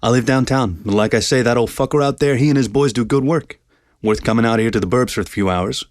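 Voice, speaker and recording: A man's voice: medium pitch, fast, no echo, clean studio sound, natural voice. A man voicing a cocky, laid-back male dog who talks in a lazy drawl. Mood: easygoing.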